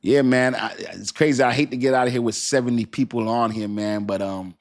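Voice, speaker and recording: A man's voice: medium pitch, steady tone, fairly quick, dry recording, studio quality. A man from Haiti with a Haitian accent, hosting a casual crypto livestream and chatting with viewers in a rambling way, often repeating words.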